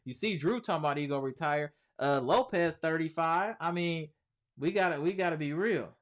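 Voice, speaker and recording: A sports channel host with a slightly higher-pitched voice talks at a normal speed on his casual live stream. Animated and slangy, he reads viewers' comments aloud, replies to them, and repeats his points to drive them home.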